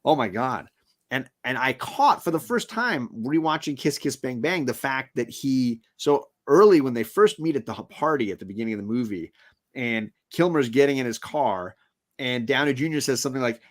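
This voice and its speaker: A man co-hosting a casual movie discussion, telling scenes with lively energy and acting out lines in quick voices. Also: medium pitch. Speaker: co-host of a movie discussion show. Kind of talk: casual film chat.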